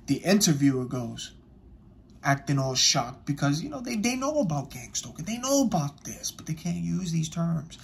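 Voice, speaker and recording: A man's voice: on the high side, sing-song, a little slow, gravelly. Emphatic man preaching to his viewers. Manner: emphatic, repetitive, addresses audience directly. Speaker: commentator. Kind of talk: impassioned online commentary.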